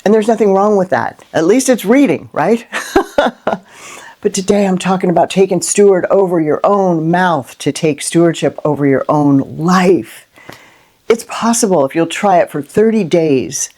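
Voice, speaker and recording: A middle-aged woman hosting a Christian inspirational video, talking unscripted and from the heart, with lively rhetorical questions and frequent "right?". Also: lowish voice, moderate pace. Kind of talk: unscripted heartfelt monologue to camera.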